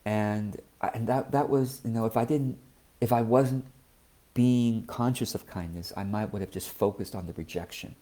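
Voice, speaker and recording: A man giving a gentle, thoughtful talk as a spiritual teacher, often checking in with the listener. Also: on the low side, moderate pace. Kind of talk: reflective personal talk.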